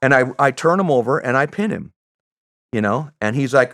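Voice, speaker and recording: A middle-aged American man, a retired soldier, telling a story as a podcast guest in an animated, rambling way with restarts and swearing. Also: mid-range voice, normal speed, dry recording. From United States. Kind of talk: casual anecdote telling.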